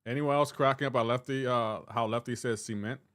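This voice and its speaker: Fairly quick and fairly bright in tone, a mid-range male voice with even intonation belongs to a gaming streamer from the Southern United States. He chats casually on a live stream and reacts to viewer messages in a light accent, recorded cleanly in a studio with no room sound.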